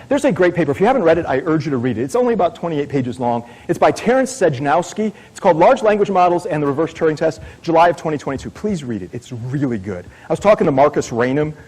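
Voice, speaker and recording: A man's voice: on the high side, a little mellow, breathy edge, low-quality recording. A middle-aged man giving a casual, joking conference keynote talk. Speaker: keynote speaker.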